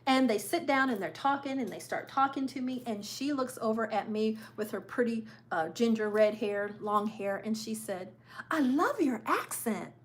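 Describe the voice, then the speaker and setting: Lady doing casual cruise news chat, kinda high voice, repeats herself a lot, laughs easy. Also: fairly even intonation, normal speed, hardly any pauses. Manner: chatty, repeats phrases for emphasis, laughs often. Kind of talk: casual live-stream commentary.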